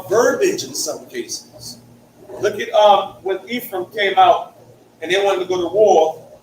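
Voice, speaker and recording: A young man from Hartford with a Connecticut accent, teaching a Bible study in a conversational way, often checking in with "right?". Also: high-pitched. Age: young adult. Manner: conversational, peppers points with "right?". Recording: echoey room, mic far off, faint hiss.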